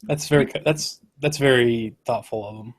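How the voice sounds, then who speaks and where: A man's voice: mid-range voice, moderate pace, slightly rough. Dry-quipping male co-host. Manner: short dry reactions and quips. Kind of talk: casual comedic banter.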